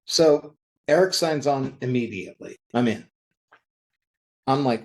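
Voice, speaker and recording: A man who works in comics, telling anecdotes in a podcast interview, acting out the quoted lines in lively voices. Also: medium pitch, measured pace, gravelly, long pauses. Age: older. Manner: animated anecdotal storytelling, acts out quoted dialogue. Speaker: interview guest, comic creator.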